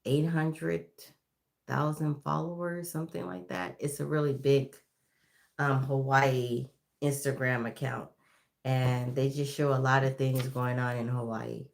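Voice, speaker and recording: A woman's voice: rumbling low, little pitch movement, unhurried, vocal fry. A retired woman in her sixties hosting a casual livestream, chatting with many ums and fillers. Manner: chatty, greets viewers by name, many ums. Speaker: YouTube livestream host.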